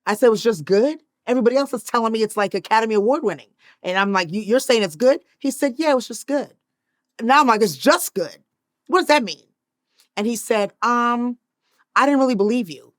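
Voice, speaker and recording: A woman in her fifties, an actress, telling a story in an interview and acting out the voices of the people in it, moving between hushed and loud moments. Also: fairly high pitch, expressive, fairly quick, no echo, studio quality. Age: 50s.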